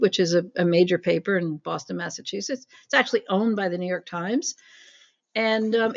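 Gravelly woman in a lo-fi interview. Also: medium pitch. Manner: earnest storytelling with fillers. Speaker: guest journalist. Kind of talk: interview answers.

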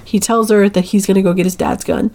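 A podcast co-host recaps a movie plot quickly in a medium-pitched voice. Her retelling is loose, chatty and animated, packed with "like," and she acts out the characters' lines.

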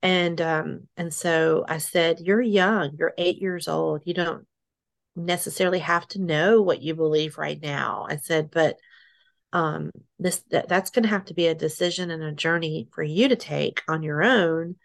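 A middle-aged woman being interviewed, telling her story haltingly, with restarts, soft laughs and sighs. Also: sits low, creaky. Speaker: interview guest.

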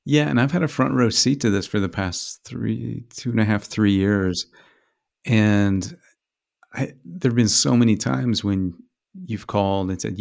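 A man co-hosting a podcast, speaking casually and supportively, with halting phrasing and restarts. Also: on the low side, gravelly, a little mellow. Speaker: podcast co-host.

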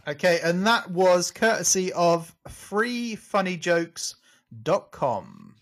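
A playful man with a high voice, co-hosting a relaxed chat show. He jokes around and drags out his punchlines for effect. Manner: playful, jokey, drawn-out punchlines. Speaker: co-host. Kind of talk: casual show banter.

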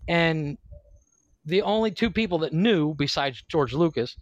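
A man's voice: fairly high pitch, lively intonation, measured pace, dry recording, dull audio. A man hosting a podcast, telling a story in a rambling way, swearing freely and laughing often. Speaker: podcast host. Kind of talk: casual profane chat.

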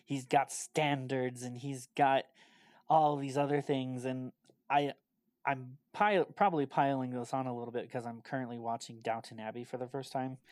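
A man co-hosts a casual podcast, his voice sitting in a middle register. He rambles through animated retellings and peppers them with "like". The sound is dry, with almost no room echo. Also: mid-range voice, moderate pace. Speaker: podcast co-host.

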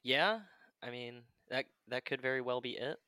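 A man's voice: medium pitch, fairly even intonation, normal speed, bright, forceful tone, clear, resonant tone, no room sound. A man co-hosting a casual fan discussion, enthusiastic, with hesitant restarts and self-deprecating asides. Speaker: podcast co-host.

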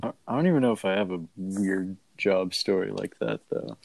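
A young man in casual podcast chat, hesitant and halting, with many restarts. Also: low-pitched, gravelly, a little mellow, dry recording.

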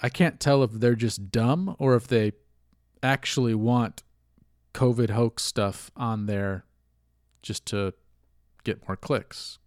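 A man's voice: mid-range voice, slow, pauses often, a little mellow, dry recording. Male podcast host, loose casual monologue, candid and profane, mid-range voice, dry room. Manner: rambling, candid, swears freely, laughs at himself.

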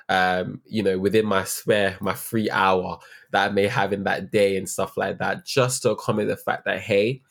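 A young male teacher, appearing as a guest in a casual interview, speaks earnestly and reflectively in a lowish, gravelly voice. His talk is full of fillers and restarts.

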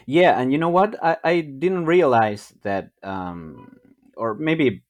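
A man's voice: mid-range voice, expressive, slow pace, a little mellow. A man talking as a guest on a podcast, hesitant, with many restarts and frequent laughter. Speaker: guest artist. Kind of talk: casual podcast interview.

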